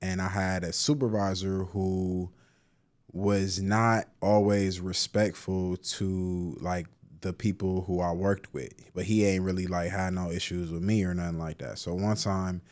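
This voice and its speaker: Man from cleveland, low-pitched, slangy animated storyteller, loose casual interview talk. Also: measured pace. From Cleveland, Ohio. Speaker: guest, therapist and poet.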